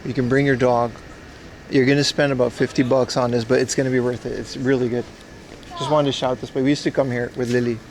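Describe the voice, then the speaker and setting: A man's voice: medium pitch, little pitch movement, fast talker, slight background noise. A man hosting a casual livestream outdoors on a city street, joking and answering his chat as he walks. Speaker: livestream host.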